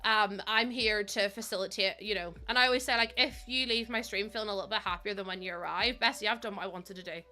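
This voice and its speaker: A woman's voice: mid-range voice, fast talker, hardly any pauses, bright, forceful tone, faint music behind. A young woman chatting casually to her live-stream viewers, giggly and friendly, calling them bestie. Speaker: game streamer.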